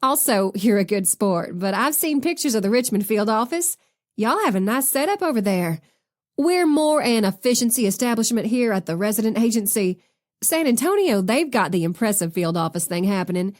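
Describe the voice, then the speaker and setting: A woman's voice: on the high side, animated, normal speed, lightly acted. A woman reading an audiobook, voicing a friendly, chatty woman agent with a Southern accent. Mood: cheerful.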